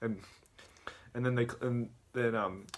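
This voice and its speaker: A man's voice: medium pitch, fairly even intonation, measured pace. A man recapping a video in a casual, rambling rant, with stammering restarts and filler words. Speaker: video host.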